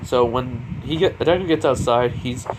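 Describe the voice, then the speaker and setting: A man's voice: medium pitch, a little slow, noisy background. A young man casually improvising a fan story, rambling with lots of fillers.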